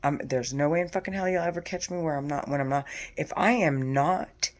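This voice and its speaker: A woman's voice: sits low, brisk. A distressed woman giving an angry, profane, repetitive monologue to camera, recorded at home in her condo. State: distressed and agitated. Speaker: vlogger.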